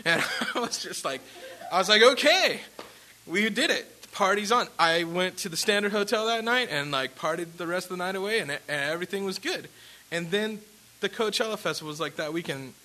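Bright-voiced man telling a rambling story. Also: on the high side, low-quality recording. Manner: rambling, animated, with fillers and laughs. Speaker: musician telling his story. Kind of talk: casual storytelling.

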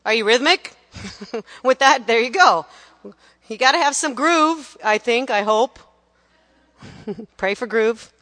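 A woman's voice: on the high side, animated, slow pace, pauses often, pushed and bright, big-room sound. A woman teaching a gospel singing class, coaching students energetically, counting them in and singing phrases to show them. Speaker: vocal teacher.

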